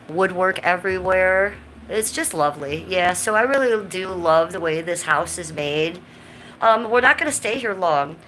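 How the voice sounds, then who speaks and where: Woman, American, lowish voice, chatty livestream host, cooing to pets, handheld mic, faint background noise. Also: a bit bright, rough recording. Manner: chatty, talks baby talk to her pets. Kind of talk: casual livestream chat. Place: house, indoors and on the porch.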